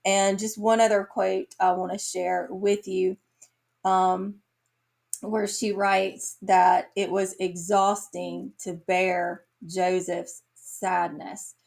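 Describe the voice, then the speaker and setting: A woman reviewing books on her vlog, talking in a slow, earnest and emotional way, tearing up at times. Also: mid-range voice, level tone, creaky, darkish tone. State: tearful. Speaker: book reviewer. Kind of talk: casual book review vlog.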